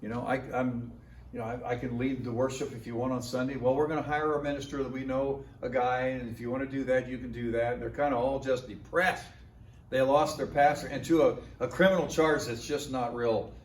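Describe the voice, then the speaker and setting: A man preaching a sermon, telling a story casually and acting out other people's lines with lively jumps in his voice. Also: a little fast, a little hiss or hum. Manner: animated, acts out quoted voices with big pitch jumps. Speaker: pastor. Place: church sanctuary. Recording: echoey church hall, mic at a distance.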